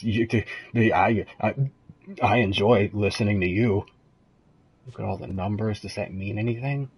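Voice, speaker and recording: A man's voice: fairly low pitch, slightly rough. A young man commenting on a horror game, frightened and swearing as he talks to himself. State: shaking with fear. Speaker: gamer.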